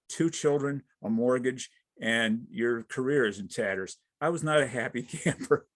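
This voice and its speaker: A middle-aged man, a wildlife artist, giving an informal talk about his career with many halting fillers. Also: mid-range voice, no room sound.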